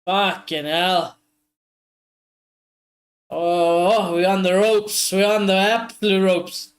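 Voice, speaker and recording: A man commentating live on a football match for his stream viewers, excitable, swearing often and talking straight to his audience. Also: sits high, takes it slowly.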